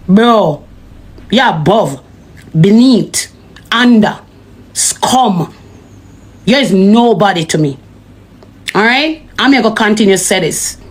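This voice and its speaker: A young Jamaican woman ranting to her viewers in a heated, profane way, repeating phrases for emphasis. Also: medium pitch. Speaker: online personality. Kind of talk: angry rant to camera.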